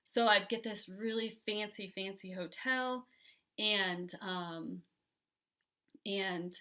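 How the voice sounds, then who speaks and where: Speaking as a podcast guest, a woman shares a painful story from her own life in a bright, forceful voice of medium pitch. Her telling is frank and halting, with frequent restarts and filler words.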